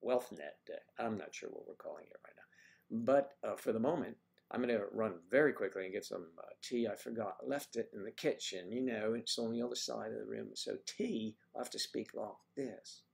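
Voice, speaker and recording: A man hosts a casual livestream, reading viewer comments, greeting people by name and teasing them in a playful, chatty way. His voice is fairly low, brisk and creaky, with a slightly mellow quality.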